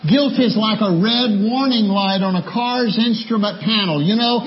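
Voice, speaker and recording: A man preaching a sermon, who repeats key phrases for emphasis and slows down on scripture. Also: high voice. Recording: dull lo-fi sermon recording.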